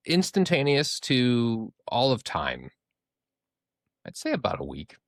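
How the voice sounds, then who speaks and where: A man's voice: medium pitch, huge pitch swings, slow, no room sound, clean studio sound. A man with a Minnesotan accent, co-hosting a podcast in playful, joking casual chat. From Minnesota, USA. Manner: playful, swears casually, jokey. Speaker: podcast co-host.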